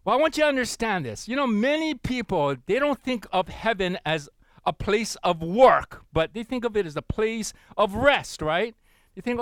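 A middle-aged man preaching a sermon, animated and repetitive, often calling for responses from the congregation. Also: sits high, moderate pace, no echo, clean studio sound.

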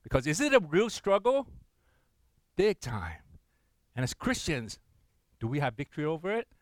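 A middle-aged man preaches in a relaxed, talky way, leaning on fillers and restarting his phrases. His voice sits fairly high for a man and moves a lot in pitch. The recording is dry and close. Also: a little fast, dry recording. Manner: conversational preaching, many "you know" fillers and repeats. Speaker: pastor. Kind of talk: sermon.

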